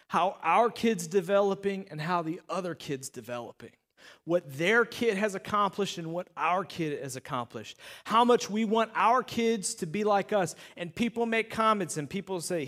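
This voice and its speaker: A man with a notably high voice preaches in an animated, storytelling way. He speaks directly to his listeners as a pastor delivering a sermon. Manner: animated storytelling, talks straight to the audience.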